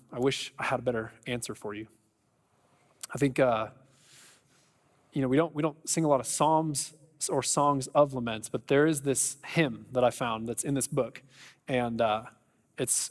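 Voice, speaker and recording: Earnest pastor with reverb. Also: male voice, medium pitch. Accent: American. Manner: conversational, earnest, with frequent fillers and restarts. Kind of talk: sermon.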